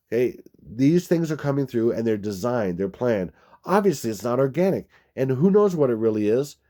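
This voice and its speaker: Man talking mellow and emphatic. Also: mid-range voice. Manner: rambling, emphatic, restarts and repeats himself. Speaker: video channel host. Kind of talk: casual screen-share commentary.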